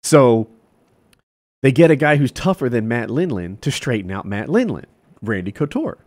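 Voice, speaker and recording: Man, podcast co-host, lively pitch, animated storytelling, bursts into loud acted quotes. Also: moderate pace. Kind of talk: casual storytelling chat.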